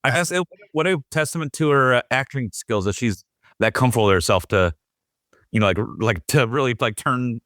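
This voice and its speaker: A man's voice: medium pitch, expressive, fairly quick, fairly bright tone, no echo, studio quality. A man co-hosting a podcast, chatting casually and teasing his co-host, with frequent ums and restarts. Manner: joking, teasing, many fillers and restarts. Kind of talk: casual chat.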